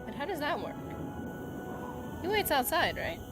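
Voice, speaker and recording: A woman's voice: sits high, sing-song, moderate pace. A woman streaming a game, chatting and laughing with her viewers as she plays. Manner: chatty, giggly, talks to chat. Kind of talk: casual gameplay commentary. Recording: game music behind.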